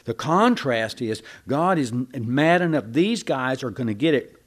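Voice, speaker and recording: A man's voice: mid-range voice, lively intonation, unhurried. A man preaching a sermon in a folksy, conversational way, often repeating and restarting his words.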